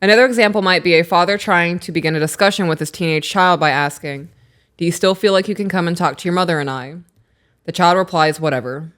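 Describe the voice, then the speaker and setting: A woman in her thirties co-hosting a podcast, chatting casually, reading aloud from a book and acting out what people said in animated stories. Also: on the low side, fast. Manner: animated storyteller who acts out quotes. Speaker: podcast co-host.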